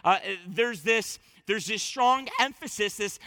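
A male pastor preaching a sermon, repeating words for stress and moving from loud bursts to hushed asides. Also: sits high, measured pace, hardly any pauses, dry recording, clean studio sound.

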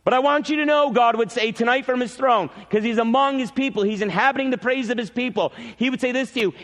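Preaching in a church with big-room acoustics, this male pastor speaks fast in a very high-pitched voice, barely pausing. His delivery is emphatic, circling back to key phrases and lurching between loud bursts and hushed moments.

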